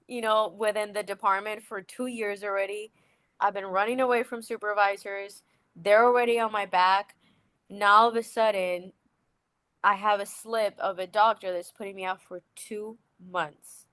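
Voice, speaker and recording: A woman's voice: medium pitch, fairly even intonation, a little slow, clear, resonant tone, dry recording. Candid woman telling her story, dry sound. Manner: candid, acts out quoted dialogue. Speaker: interview guest. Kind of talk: personal storytelling.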